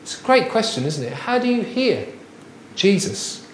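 Preacher in an echoey room. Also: male voice, high-pitched, very animated, normal speed, slight background noise. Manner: conversational preaching with rhetorical questions. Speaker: pastor. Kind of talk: sermon.

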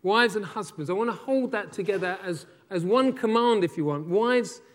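A man's voice: high voice, lively intonation, moderate pace. A man preaching a sermon in a conversational, thoughtful way, often restarting his phrases. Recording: church hall with long reverb.

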